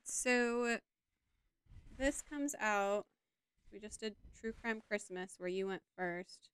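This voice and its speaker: A woman's voice: mid-range voice, slow, clean tone. A woman co-hosting a casual podcast, playful and giggly, rambling through her notes. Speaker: podcast co-host. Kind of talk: casual chat.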